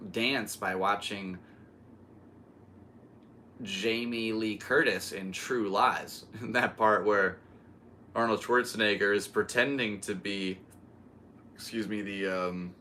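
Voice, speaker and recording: A male comedian chats alone on his podcast, rambling from thought to thought and breaking into laughter. His voice sits fairly low but has a bright, forward tone. The delivery stays loose and casual. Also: a little hiss or hum. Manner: rambling, laughs often, restarts a lot. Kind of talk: casual solo podcast chat.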